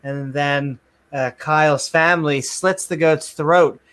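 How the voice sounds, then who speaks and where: A man co-hosting a casual podcast chat, telling stories in an animated way and laughing often. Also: a little high, slow pace, smooth. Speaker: podcast co-host.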